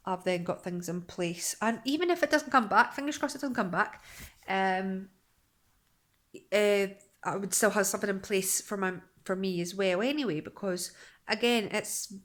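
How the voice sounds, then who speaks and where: A young woman, chatting casually in a daily vlog, rambling with restarts and quick laughs. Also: mid-range voice, a bit bright. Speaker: vlogger.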